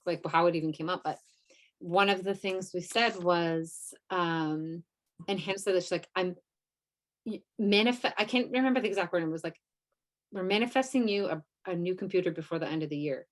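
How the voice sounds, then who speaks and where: A woman's voice: fairly low pitch, a little fast. A woman co-hosting a podcast, telling a story in a casual, rambling way with lots of fillers and quoted asides. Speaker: podcast co-host. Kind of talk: casual chat.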